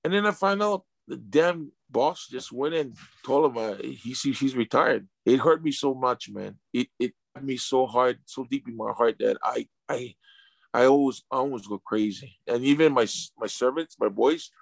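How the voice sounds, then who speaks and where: Male interview guest, mid-pitched, emotional storyteller who stumbles and repeats, dry close sound. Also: moderate pace, vocal fry, no room sound. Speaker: interview guest, retired sumo wrestler.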